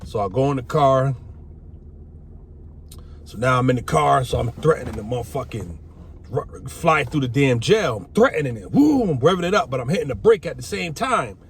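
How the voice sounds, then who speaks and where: A middle-aged man casually telling a personal story, animated and profane. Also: medium pitch, normal speed. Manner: animated, profane, acts out quoted voices. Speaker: vlogger telling his life story. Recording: faint background noise.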